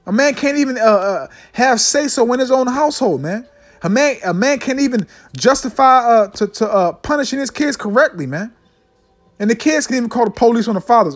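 A man preaching a fiery sermon, ending nearly every line with "man" and slowing down to read scripture solemnly. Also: very high voice, expressive, faint music behind. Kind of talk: fiery street-style sermon with scripture readings.

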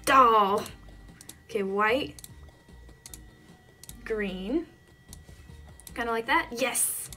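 A woman's voice: fairly high pitch, extremely slow, pauses often, bright, forceful tone, soft background music. A woman giving casual let's-play commentary, talking to herself with frequent flustered yelps and laughs. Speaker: gaming channel host.

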